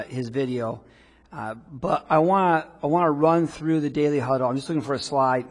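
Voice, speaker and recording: A man coaching a room of business people in a live workshop, talking in a lively, conversational way and acting out quotes. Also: medium pitch. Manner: energetic, conversational, acts out quotes. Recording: long reverb of a hall.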